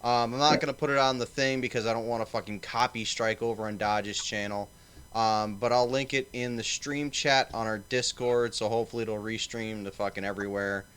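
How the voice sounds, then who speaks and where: A man's voice: lowish voice, steady tone, fairly quick, fairly bright tone, clean tone. A man hosting a casual livestream panel, swearing and rambling with lots of fillers. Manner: profane, rambling, filler-heavy. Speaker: stream host.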